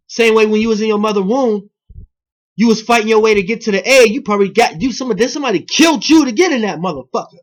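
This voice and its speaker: Addressing his viewers, a male video blogger drifts through a spiritual monologue peppered with profanity. His voice rises into loud, emphatic bursts, then drops to a low mutter.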